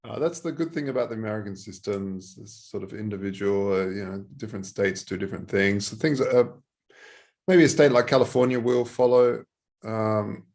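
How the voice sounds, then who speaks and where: A man on a panel show, talking casually and relaxed with many fillers. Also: lowish voice, normal speed. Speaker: panel guest.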